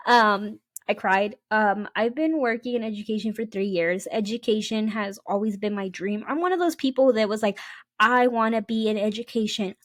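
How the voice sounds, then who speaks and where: A woman's voice: mid-range voice, moderate pace, few pauses, no echo, studio quality. A young adult woman hosting a casual storytelling podcast, chatty and digressive, with many ums and restarts. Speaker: podcast host.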